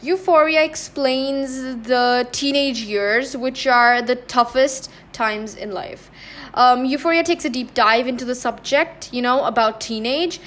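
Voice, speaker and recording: A young woman speaks in a slightly high voice, hosting her own casual chat show. She rambles, restarts her sentences and leans on ums and likes. She sounds a touch out of breath. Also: measured pace, a bit bright. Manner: rambling, many fillers and restarts. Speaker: podcast host.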